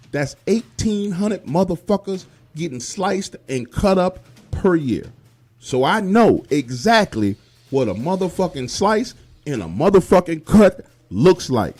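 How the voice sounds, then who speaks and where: A man is narrating a true horror story of his own in loose, profane street slang and keeps turning to talk straight to the listener. His pitch swings widely up and down as he tells it, and faint music plays underneath. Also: a little mellow. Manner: addresses listener directly.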